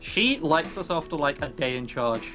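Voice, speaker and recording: Streamer, blunt, swears freely, animated delivery; faint music bed. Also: medium pitch, normal speed. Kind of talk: casual game chat.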